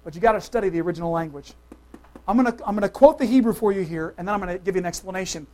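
Emphatic preacher, loud to hushed. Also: medium pitch. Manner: emphatic, swings between loud declarations and soft, hushed asides; talks straight to the congregation with quick questions. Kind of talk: sermon.

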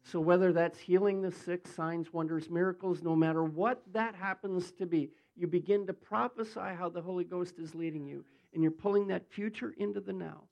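Creaky high-voiced preacher. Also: male voice, steady tone, moderate pace, few pauses, darkish tone, rough recording. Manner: storytelling, acts out quotes, builds to fervent prayer. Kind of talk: sermon and prayer.

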